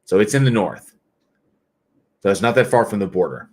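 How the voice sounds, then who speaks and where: A man's voice: fairly low pitch, lively intonation, normal speed, a little mellow. Tired, chatty man hosting a livestream. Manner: chatty and jokey, often laughing. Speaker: livestream host. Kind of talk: casual livestream chat reading viewer comments.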